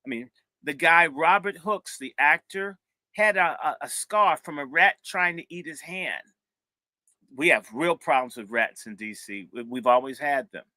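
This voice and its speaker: A middle-aged man, a minister, telling a lively, funny story from his own past in animated talk, breaking into other people's voices. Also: a little high, unhurried, dry recording.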